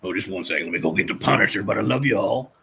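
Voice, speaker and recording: A man voicing a folksy, rambling middle-aged handyman who clears his throat often while chatting with viewers. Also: lowish voice, racing, pushed and bright, slight background noise. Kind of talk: live-stream character chat reading viewer comments.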